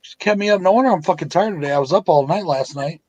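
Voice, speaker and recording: A man's voice: a little high, fast, a little mellow, slightly rough, highs cut off. A man hosting a live podcast, chatting casually and crudely with lots of swearing. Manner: crude, swears freely, laughs often. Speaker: podcast host.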